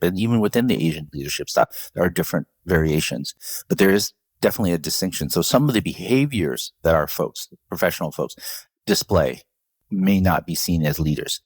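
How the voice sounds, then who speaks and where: A man's voice: sits low, slightly rough, dry recording. A man who leads a professional association answers interview questions in a conversational, storytelling way and laughs often. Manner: storytelling, animated when quoting others, laughs often. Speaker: CEO of a professional association, guest.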